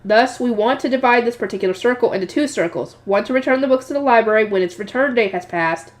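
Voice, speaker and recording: Woman doing a young man, noble scholar, earnest and methodical, explains calmly. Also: on the high side, fast talker, close to an everyday voice. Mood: explaining.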